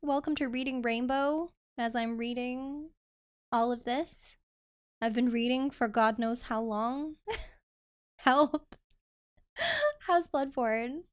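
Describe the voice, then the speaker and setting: A woman game streamer talks casually to her chat and reads story text aloud. She is expressive, swears freely and complains dramatically. Her voice sits a little high. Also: takes it slowly, long pauses, clear, resonant tone.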